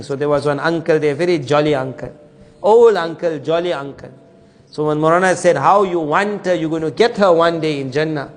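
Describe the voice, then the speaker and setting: A man preaching a sermon, telling stories with acted dialogue. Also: on the high side. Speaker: Islamic preacher. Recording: reverberant hall.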